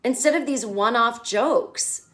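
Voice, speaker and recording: A woman's voice: a little high, slow pace, fairly bright tone. Candid, sarcastic woman recapping TV. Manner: candid, sarcastic, swears freely. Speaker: comedian host. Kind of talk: casual TV recap chat.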